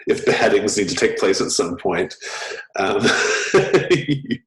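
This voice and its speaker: A man narrating as game master of a tabletop game, relaxed and quick to laugh. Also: on the low side. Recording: roomy echo.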